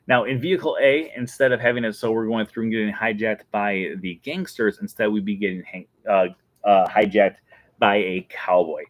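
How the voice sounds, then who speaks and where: A man's voice: fairly low pitch, no echo. A man hosting a casual fan show, talking enthusiastically and laughing often. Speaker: host. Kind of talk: casual chat.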